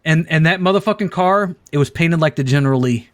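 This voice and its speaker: A male podcast host in casual chat, swearing freely and telling a lively story. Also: fairly high pitch, fast talker, no echo, studio quality. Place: at a desk, showing pictures to a guest.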